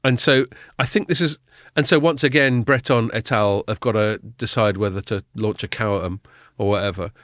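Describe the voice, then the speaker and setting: A man's voice: on the low side, normal speed, hardly any pauses, a bit bright, no echo, clean studio sound. A man hosting a casual podcast chat, talking in a loose, swearing, filler-heavy way. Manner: chatty, swears casually, many fillers and restarts. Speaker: podcast host.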